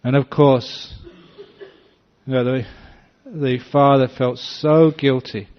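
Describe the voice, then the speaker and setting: Older monk telling a story, acts out voices, a bit muffled lo-fi sound. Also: male voice, mid-range voice. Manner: animated storyteller, acts out voices, gentle humor. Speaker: Buddhist monk teacher. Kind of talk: dharma talk with storytelling. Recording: slightly dull lo-fi recording.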